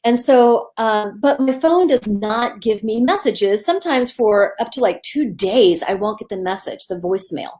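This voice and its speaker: A woman's voice: fairly high pitch, moderate pace, few pauses. A woman appearing as a guest medium, telling her story in a casual, rambling way with many fillers. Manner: rambling, animated retelling with fillers.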